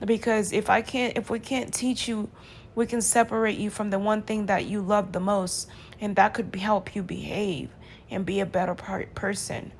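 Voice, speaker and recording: A woman vlogger talking through her feelings in an impassioned personal monologue, swinging from quiet to loud pleading. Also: medium pitch, fairly even intonation, moderate pace, slight background noise. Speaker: vlogger reacting to a reading.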